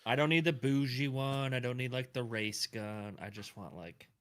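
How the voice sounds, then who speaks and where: A man from Texas co-hosting a casual livestream, blunt and joking. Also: mid-range voice. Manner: blunt, joking, drawn-out complaints. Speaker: podcast co-host. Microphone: desktop mic set far away.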